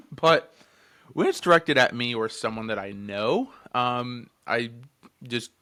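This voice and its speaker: Lively, bright-voiced young man telling a story. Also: medium pitch, takes it slowly. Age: 20s. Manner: profane, laughs often, lots of fillers. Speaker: podcast co-host. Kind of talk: casual podcast storytelling.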